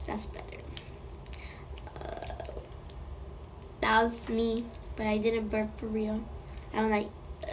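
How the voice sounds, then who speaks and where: High-voiced woman playfully talking to slime. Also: monotone, takes it slowly, long pauses, slight background noise. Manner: playful, chatting to the slime as if it were alive. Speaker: slime video creator. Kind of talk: casual slime-making vlog. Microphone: phone.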